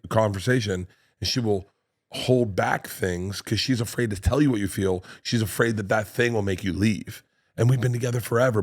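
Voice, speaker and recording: A man in his fifties, a comedian guest in a casual podcast chat, telling loud, animated stories and acting out the scenes he describes. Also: on the low side. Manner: animated storyteller, acts out scenes.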